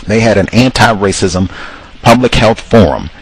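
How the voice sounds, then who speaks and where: A man with a lowish voice hosts a loose, animated commentary monologue. He talks straight at his audience, calls them cousins, and slips into higher voices to act out the people he quotes. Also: normal speed, husky, rough recording. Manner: addresses listeners as cousins. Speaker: host.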